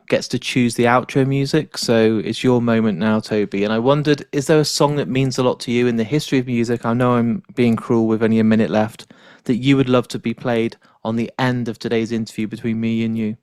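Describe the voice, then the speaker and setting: A male podcast host asking long, winding questions with eager enthusiasm. His voice sits at an everyday middle pitch and sounds dry and close, with no room echo around it. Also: darkish tone, clean tone. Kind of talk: casual interview chat.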